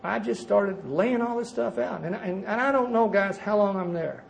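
A man's voice: high-pitched, normal speed, creaky, a little hiss or hum, poor audio. A middle-aged man, telling his recovery story to a meeting in a folksy, self-mocking way. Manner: folksy, self-mocking, addresses listeners as guys.

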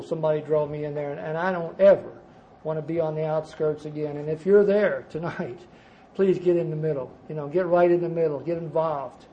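Before a live conference audience, an older man with a fairly high voice gives an emphatic personal recovery testimony, swinging from loud outbursts to quiet asides that trail off. A faint hiss of noise runs beneath his voice, and the high frequencies are cut off.

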